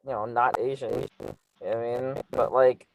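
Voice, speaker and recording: A man's voice: medium pitch, little pitch movement, normal speed, slight background noise, rough recording. A man from Los Angeles hosting a casual chat, blunt and joking, who swears freely. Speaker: interviewer, channel host.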